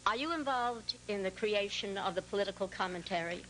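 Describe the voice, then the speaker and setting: Earnest female audience questioner, bright voice. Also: mid-range voice, fairly quick, slight background noise, low-quality recording. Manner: earnest, complimentary, hesitant. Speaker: audience member.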